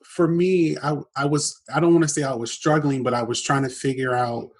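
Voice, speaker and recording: A man's voice: medium pitch, steady tone, brisk. A man hosting a casual podcast interview, talking loosely with fillers and self-corrections. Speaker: podcast host.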